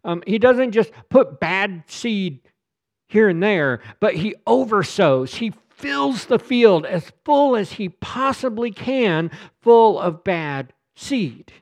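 A male pastor delivers a sermon with strong emphasis, doubling words as he drives a point home. His voice sits a little high for a man. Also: animated, slow pace. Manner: emphatic, repeats words when stressing a point.

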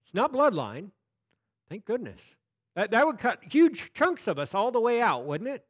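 A man preaching a sermon, reading scripture slowly and deliberately, with playful asides. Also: very high-pitched, wildly swooping pitch, no echo.

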